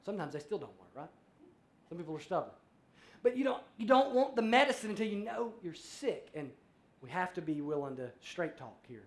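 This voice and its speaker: A male pastor preaching a sermon, animated and conversational, acting out little scenes and reading scripture aloud. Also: high-pitched, brisk. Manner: animated, acts out voices in a story, shifts between loud and soft.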